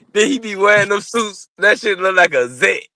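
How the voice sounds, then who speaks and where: A man's voice: high voice, sharp tone, no echo. A man in casual, profane boxing banter, often breaking into laughter. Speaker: co-host.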